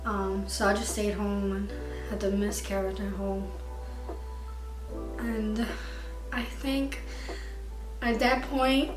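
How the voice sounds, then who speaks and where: A woman's voice: medium pitch, fairly even intonation, slow pace, long pauses. A young woman vlogger candidly telling a personal story to camera, emotional and tearful at times. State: crying at times. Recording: echoey room, far from mic, faint music.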